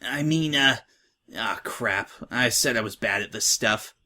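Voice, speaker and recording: A man's voice: medium pitch, a little slow, sharp tone. A man voicing a tough, slangy young filly who talks bluntly and offhand. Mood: teasing. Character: brash, tough young filly, slangy orphan-home veteran.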